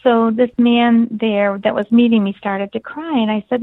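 A woman's voice: a little high, steady tone, normal speed, few pauses, no echo. A woman guest, an author, earnestly telling a personal story and acting out the dialogue as she goes. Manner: earnest, retells dialogue vividly. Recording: phone-line sound.

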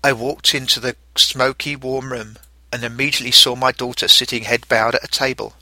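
A middle-aged man narrating a first-person story in a reflective, gentle way. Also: mid-range voice, level tone, brisk, no room sound.

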